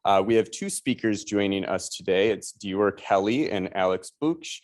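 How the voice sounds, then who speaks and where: A man with a Chicago accent hosting an academic seminar, introducing the speakers in a relaxed, hesitant way with frequent fillers. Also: on the low side, moderate pace. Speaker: seminar host.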